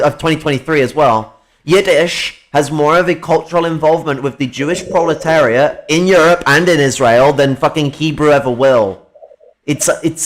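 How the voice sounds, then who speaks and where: A man talks politics in a casual, rambling way. His voice sits a touch high, and he swears often and laughs along the way.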